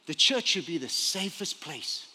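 A man's voice: on the high side, animated, measured pace, sharp tone, husky. Guy pastor preaching hard, lots of rhetorical questions, long echo off the church hall. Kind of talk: sermon. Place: church sanctuary.

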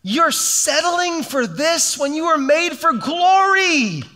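A man's voice: very high voice, very animated, slow pace, pushed and bright, pitched above the performer's own voice, heavily acted. A man preaching voices God as an exasperated male figure, asking incredulous, emphatic questions.

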